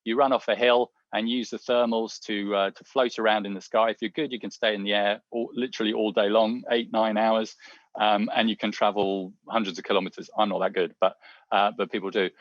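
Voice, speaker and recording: A man's voice: fairly low pitch, little pitch movement, brisk, dry recording, lo-fi sound. A man telling travel stories over slides in a webinar, chatty and anecdotal with many fillers. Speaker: webinar speaker. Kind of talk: presentation talk with slides.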